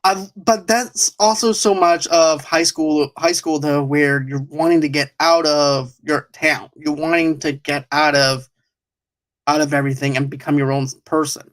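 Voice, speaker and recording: A man's voice: a little high, steady tone, measured pace, fairly bright tone. A man hosting a podcast in casual chat, rambling and restarting his sentences with frequent chuckles. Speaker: podcast host.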